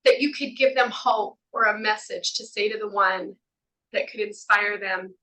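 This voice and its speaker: A woman hosting a podcast, asking long, searching questions in a gentle, rambling way. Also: mid-range voice, moderate pace, low-quality recording. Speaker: podcast host. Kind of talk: interview questions.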